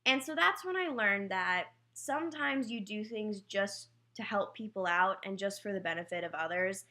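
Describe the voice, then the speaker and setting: Bright-voiced young woman telling a story. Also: mid-range voice. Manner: candid, self-mocking storytelling with quick asides. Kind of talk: personal anecdote told casually.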